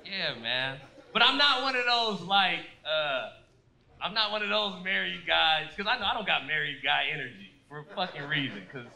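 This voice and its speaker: A man in his thirties doing a profane, animated stand-up set, acting out voices of people he describes. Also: fairly high pitch, moderate pace, creaky. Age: 30s. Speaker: stand-up comedian. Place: comedy stage before a live audience. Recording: roomy live venue with audience noise.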